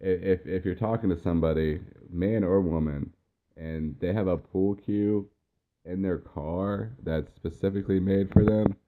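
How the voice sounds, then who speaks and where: This deep-voiced, slightly slow man co-hosts a casual podcast while drinking and sounds tipsy. His talk is loose and rambling, and the recording has a lo-fi, phone-like quality.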